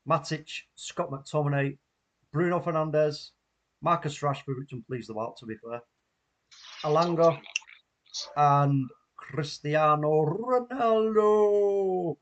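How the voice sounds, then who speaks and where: A man hosts a live football watchalong stream, reading viewer comments aloud and laughing often. His voice sits a little high for a man. He keeps the talk loose and chatty. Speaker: watchalong host. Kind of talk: casual live stream chat.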